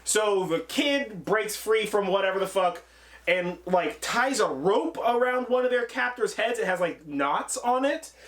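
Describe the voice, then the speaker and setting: High-voiced man ranting about a movie. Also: animated, a little slow, a bit bright. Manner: rambling, swears freely, acts out scenes. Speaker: movie review host. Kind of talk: casual profane movie chat.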